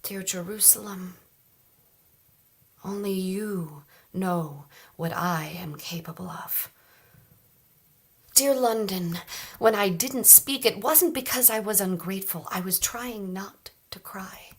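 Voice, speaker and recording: A woman at an open mic reading poems aloud in a soft, measured way, dropping into hushed, whispered phrases. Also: medium pitch, husky. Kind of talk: poetry reading.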